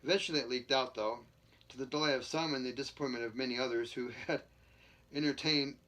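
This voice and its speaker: A man's voice: medium pitch, fairly even intonation, fast talker, a bit bright. A man reading a book aloud, stumbling and restarting and dropping jokey asides between passages. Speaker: reader.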